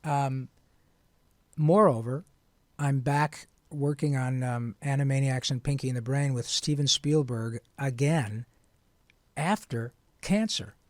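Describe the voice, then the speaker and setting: A man, a voice actor, telling his story in an interview in an earnest, animated and frank way. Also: medium pitch, slow, no room sound. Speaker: guest voice actor.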